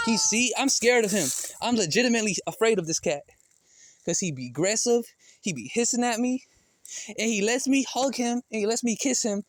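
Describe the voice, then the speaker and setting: A man's voice: high voice, a little fast, noisy background. Slangy, talkative man vlogging outdoors. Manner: slangy and talkative, calling out to a cat. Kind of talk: casual vlog storytelling. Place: outdoors in a backyard.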